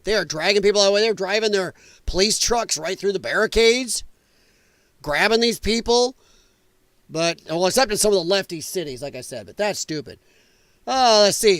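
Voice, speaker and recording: A man's voice: high-pitched, animated, normal speed, clean tone, dry recording. Blunt, indignant man. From United States. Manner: blunt, indignant, swears freely. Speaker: political podcast host. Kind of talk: opinionated livestream commentary.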